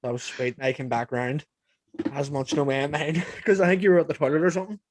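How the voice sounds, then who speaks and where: Higher-voiced Northern Irish podcast host. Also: male voice, steady tone, quick pace, no echo. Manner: swearing, acts out quotes in anecdotes. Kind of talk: casual chat.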